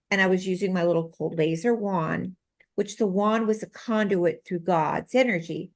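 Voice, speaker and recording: A woman's voice: medium pitch, a little mellow. A woman guest in an interview, telling a personal story in an earnest, matter-of-fact way that rambles with restarts and run-on sentences. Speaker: guest, medical intuitive and healer.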